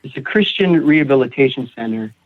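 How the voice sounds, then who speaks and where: A man's voice: mid-range voice, animated. Man telling his story over a tinny line. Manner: halting, repeats words, acts out quoted voices. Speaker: podcast guest sharing recovery story. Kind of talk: personal storytelling. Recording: tinny phone-like audio.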